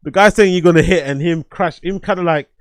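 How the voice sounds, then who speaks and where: A man hosting a live stream, giving casual commentary that is animated, repetitive and full of swearing and laughter. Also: on the high side, brisk, no room sound. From London. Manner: animated, swears freely, laughs often, repeats phrases. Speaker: streamer host.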